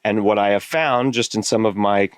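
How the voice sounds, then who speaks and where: A man who is a relationship coach, telling client stories as a guest on a podcast and often chiming in with quick agreement. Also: on the low side, steady tone, clear, resonant tone, no echo, studio quality. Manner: storytelling, quick agreeing interjections. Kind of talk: casual podcast conversation.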